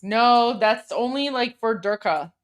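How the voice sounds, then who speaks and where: A young woman co-hosting a live stream, chatting in an upbeat way with quick asides. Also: a little high. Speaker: co-host. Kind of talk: casual livestream chat.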